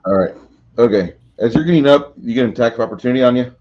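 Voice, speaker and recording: A man's voice: medium pitch, racing, lo-fi sound. A man as game master of a tabletop game, casual and joking as he calls the rolls.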